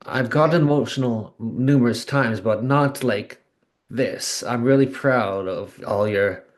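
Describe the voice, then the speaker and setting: A man hosting an interview, speaking softly and haltingly in a supportive tone. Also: mid-range voice. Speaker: interview host. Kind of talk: casual interview chat.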